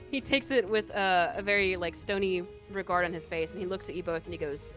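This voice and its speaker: A woman's voice: fairly low pitch, normal speed, a bit bright. Woman game master, giggly, casual narration, faint music behind. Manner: giggly, laughs often.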